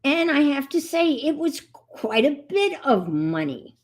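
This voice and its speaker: A woman's voice: high voice, big pitch swings, measured pace. A middle-aged woman chatting casually as she crafts on a stream, telling rambling stories. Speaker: crafting vlogger.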